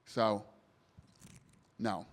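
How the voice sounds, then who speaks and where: A man answering reporters at a press scrum, blunt and emphatic, swearing casually. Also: very slow. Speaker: promotion CEO at media scrum. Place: post-event press area. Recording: long hall reverb.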